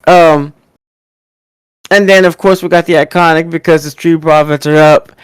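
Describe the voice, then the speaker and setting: A podcast co-host recapping a wrestling show in casual chat, animated and full of fillers and restarts. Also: medium pitch, normal speed, clean tone, no room sound.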